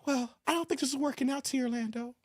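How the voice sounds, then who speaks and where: A man voicing a wife who hesitantly asks her husband for a divorce, soft and stammering. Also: very high-pitched, very fast, over loud music, pitched above the performer's own voice. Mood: pleading.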